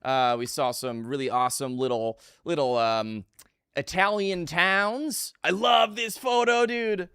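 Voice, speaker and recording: A man in his twenties chatting casually with his live stream viewers, energetic and jokey, greeting chat by name. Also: on the high side, measured pace, smooth, dry recording, clean studio sound.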